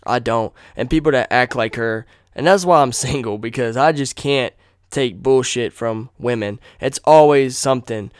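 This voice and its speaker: A man's voice: medium pitch, normal speed, clear, resonant tone, no room sound, clean studio sound. Man ranting angrily on a podcast. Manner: angry, profane, blunt ranting. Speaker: podcast host. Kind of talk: solo podcast rant.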